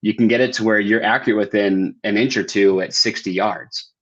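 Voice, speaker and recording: A man's voice: lowish voice, steady tone, brisk, fairly bright tone, dull audio. An American man, a podcast guest, chatting casually and explaining things in detail. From United States. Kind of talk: casual interview chat.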